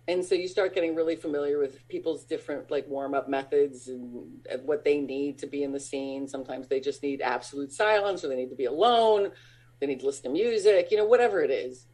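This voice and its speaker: Her voice runs on the low side as this actor and comedian shares anecdotes in a casual interview. She rambles in a lively way with plenty of fillers, laughs a lot, and performs other people's lines.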